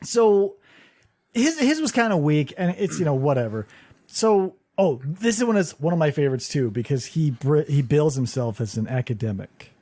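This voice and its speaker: Male podcast co-host, high and very lively voice, incredulous, profane recap chatter. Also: normal speed, dry recording. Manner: animated, incredulous, swears often, many "like" fillers. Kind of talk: casual comedic recap chat.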